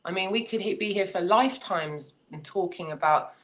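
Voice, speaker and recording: A woman's voice: medium pitch, moderate pace. An English woman on a video call, telling a long story casually and hedging a lot with "kind of". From England. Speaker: guest panelist.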